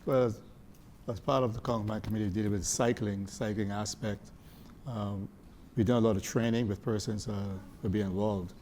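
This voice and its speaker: A man guest on a talk show describing a cycling committee's work, measured and hesitant with fillers. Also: fairly low pitch, steady tone, a little mellow, slight background noise.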